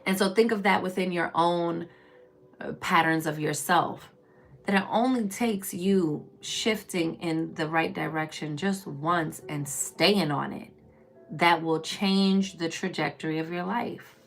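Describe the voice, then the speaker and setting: Woman tarot reader, low gravelly voice, chatty and preachy live-stream delivery. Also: unhurried, soft background music. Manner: chatty and preachy, calls listeners baby and y'all; swings between loud emphatic bursts and low murmurs. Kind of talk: casual spiritual reading on a live stream.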